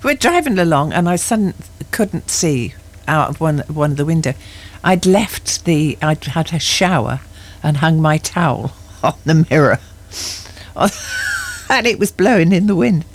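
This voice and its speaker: A woman's voice: sits low, lively intonation, measured pace. A middle-aged woman co-presenting a radio show, bantering in a giggly, mock-indignant way. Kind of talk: casual radio chat.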